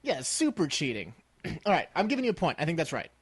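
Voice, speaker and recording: A young man with a high voice co-hosts a casual podcast, his pitch leaping around as he jokes and teases. The sound is dry and close, with no room around it. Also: wildly swooping pitch, brisk, no room sound. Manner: joking, playful, throat-clearing. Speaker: podcast co-host.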